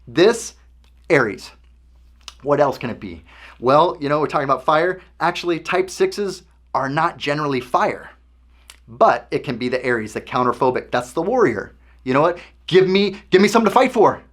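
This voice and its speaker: A man's voice: a little high, a bit bright. Chatty man explaining, checking in often. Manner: conversational, keeps checking in with "okay?". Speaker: host. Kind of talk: casual explanatory talk.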